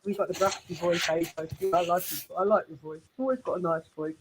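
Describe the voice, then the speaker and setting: A woman's voice: on the low side, fast, a crowd in the background, low-quality recording. A woman hosting a casual boxing chat livestream, bantering and laughing as she talks. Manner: chatty, laughing, swearing banter. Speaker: host.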